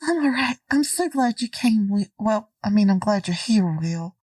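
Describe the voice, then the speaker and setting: A woman's voice: medium pitch, lively intonation, normal speed, a little mellow, no room sound, recorded from a distance. A woman playing a tabletop role-playing game, speaking in character in a flirty, playful way. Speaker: player.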